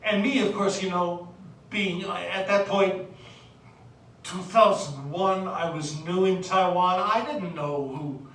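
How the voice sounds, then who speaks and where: A woman from the United States lecturing on literature, unhurried and hesitant, filling pauses with "uh" and reading verse aloud. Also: lowish voice, fairly bright tone. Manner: unhurried, hesitant with many fillers, reads poetry aloud. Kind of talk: recorded lecture. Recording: very echoey room, distant mic.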